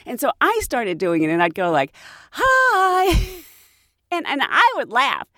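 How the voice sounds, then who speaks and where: Lively animated woman host, dry sound. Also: medium pitch, fairly quick, no room sound. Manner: animated, laughs often, sing-song imitations. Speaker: host and flight attendant. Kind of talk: casual storytelling.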